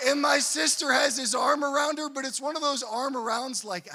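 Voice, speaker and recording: A high, bright male voice belongs to a young priest speaking at a conference. He jokes with the audience and slips into other people's voices to act out their lines. His stories carry the talk forward. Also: normal speed, creaky, hardly any pauses, slight background noise. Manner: animated storytelling, acts out people's lines. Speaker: Catholic priest. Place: conference hall.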